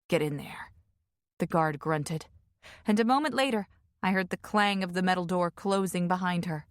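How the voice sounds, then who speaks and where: Woman audiobook narrator, mid-pitched, measured and emotive, dry close studio sound. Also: dry recording. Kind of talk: scripted first-person audiobook narration.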